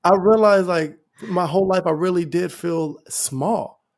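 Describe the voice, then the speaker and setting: A man's voice: high-pitched, measured pace, creaky. A man hosting a conversational interview, reflective and earnest, often adding "you know" as he talks. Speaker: podcast host.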